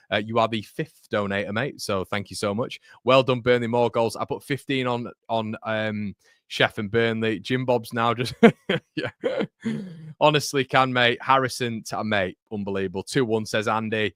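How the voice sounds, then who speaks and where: A man hosting a live football watchalong, chatting casually with viewers and calling them mate, with loud bursts of excitement when goals go in. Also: on the low side, moderate pace, no room sound, clean studio sound. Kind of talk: live match reaction chat with viewers. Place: home room.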